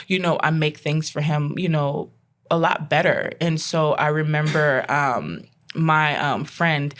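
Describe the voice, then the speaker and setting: A behavioral consultant appears as a guest on a podcast and animatedly tells a personal story. She has a low-pitched voice, acts out what people said, and laughs often.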